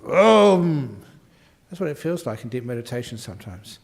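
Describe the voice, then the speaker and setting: A man's voice: medium pitch, expressive, quick pace, warm tone. An older man, a Buddhist monk answering questions in a humorous dharma talk, playfully acting out quotes and sound effects.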